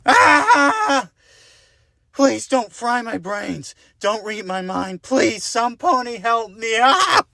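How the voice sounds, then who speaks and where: A man voicing a jumpy young male pony lighthouse keeper who shrieks high when scared. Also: lively intonation, takes it slowly, pushed and bright, no room sound, clean studio sound, heavily acted. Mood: panicked. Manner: panicky high-pitched screaming when scared.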